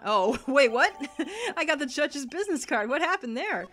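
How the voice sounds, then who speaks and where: Excitable woman playing a game. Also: sits high, moderate pace. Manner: excitable, laughing, frequent exclamations. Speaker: let's play host. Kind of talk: video game commentary. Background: faint game music.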